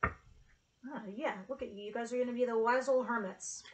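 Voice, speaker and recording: Woman tarot reader, a touch high in pitch; heartfelt, chatty delivery with casual cursing. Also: steady tone, moderate pace, low-quality recording. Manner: emotional, earnest and casually profane. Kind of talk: casual tarot reading to camera.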